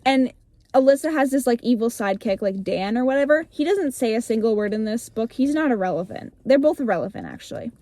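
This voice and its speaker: Young adult woman, high-ish voice, animated casual storyteller with a loose swearing streak. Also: fast, no room sound. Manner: animated, breezy, swears freely, acts out lines. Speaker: vlogger retelling her childhood story.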